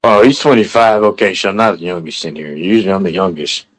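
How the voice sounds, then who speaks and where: Man, livestream host, low-ish voice, rambling casual chat. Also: quick pace, low-quality recording. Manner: rambling, repeats himself, relaxed.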